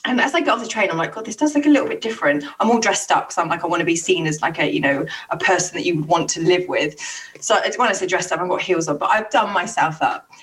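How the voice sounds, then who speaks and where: Animated woman telling a story, a bit off-mic. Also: on the low side, fast talker, far from the mic. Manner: animated, swears freely, lots of restarts. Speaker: podcast co-host telling stories. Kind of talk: casual storytelling chat.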